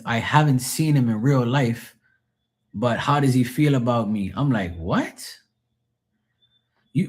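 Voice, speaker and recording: A man reading tarot on a live stream, telling blunt, profane stories in casual chat and mocking the people he quotes. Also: medium pitch. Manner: animated, mocking quoted voices.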